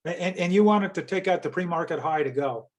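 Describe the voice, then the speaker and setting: Male student, halting questioner, high-pitched voice. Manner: halting, repeats words when starting. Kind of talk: casual Q&A.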